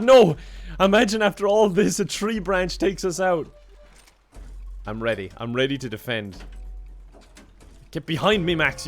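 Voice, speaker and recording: A man's voice: mid-range voice, a bit bright. A young Irish man chatting casually on a live game stream, laughing often and thanking viewers. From Ireland.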